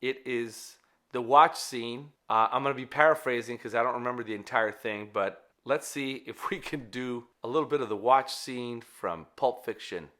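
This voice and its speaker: A man introducing a comedy sketch in a quick, offhand way. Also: mid-range voice, pushed and bright. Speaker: stand-up comedian. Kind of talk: casual comedy sketch setup.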